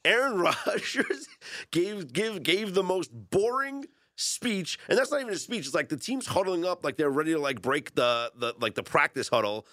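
A male sports talk co-host jokes with his panel, and his pitch swings freely up and down. The studio sound is dry and close. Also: moderate pace, hardly any pauses, no room sound. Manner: animated, joking.

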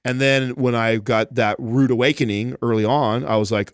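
Animated man telling stories, dry close sound. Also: medium pitch, normal speed, clear, resonant tone, no room sound. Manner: animated storytelling, frequent "like" and "bro". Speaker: podcast co-host. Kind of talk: casual chat.

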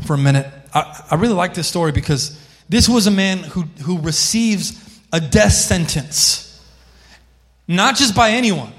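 A male pastor preaching a sermon with passion, calling on people in the congregation by name. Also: fairly high pitch. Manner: impassioned, calls on listeners by name. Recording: long hall reverb.

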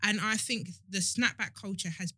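A woman's voice: medium pitch, moderate pace, sharp tone, breathy edge. A young woman in casual chat, talking freely with lots of fillers. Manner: chatty, many fillers.

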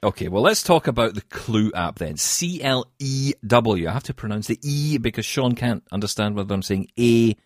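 Lively Scottish man, self-mocking. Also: on the low side, brisk, few pauses, no echo, studio quality. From Scotland. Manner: self-mocking, animated storytelling. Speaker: podcast co-host. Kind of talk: casual chat.

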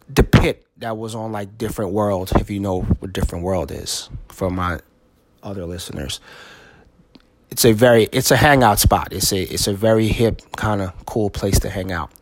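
A middle-aged man hosting a podcast, telling a personal story in a halting, emotional way with many restarts. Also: on the low side, dry recording. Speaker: podcast host.

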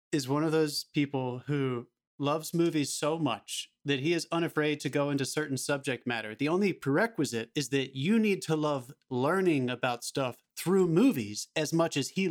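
A man co-hosting a podcast, talking about a film in an animated, emphatic way and swearing freely. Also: a little high, normal speed. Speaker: podcast co-host. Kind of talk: casual film discussion.

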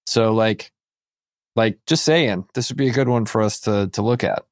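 A man's voice: lowish voice, normal speed, no room sound, clean studio sound. A man co-hosting a podcast, chatting casually and joking, with many fillers. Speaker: podcast co-host. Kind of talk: casual chat.

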